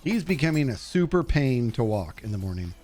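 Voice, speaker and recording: Fairly quick and goofy, a streamer narrates his gameplay live over soft background music, chatting with viewers and leaping up in pitch when excited.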